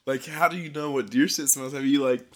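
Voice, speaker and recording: A man's voice: mid-range voice, steady tone, a little fast. A man co-hosting a podcast, rambling casually about games and laughing often. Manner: rambling, laughs often, reads labels aloud loudly. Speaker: podcast co-host. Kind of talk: casual chat.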